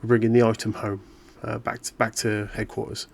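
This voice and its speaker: A man voicing a composed female field agent who gives a flat, halting report. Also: fairly low pitch, vocal fry. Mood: flat debrief. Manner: matter-of-fact, halting report.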